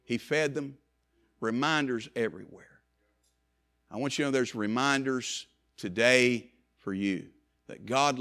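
A man preaching a sermon with passion, rising to loud emphasis and dropping to hushed low passages, repeating phrases for effect.

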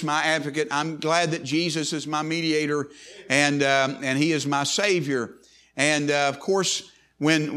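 A man's voice: on the high side, a bit bright. A man preaching a sermon in an emphatic way, often restarting and repeating words.

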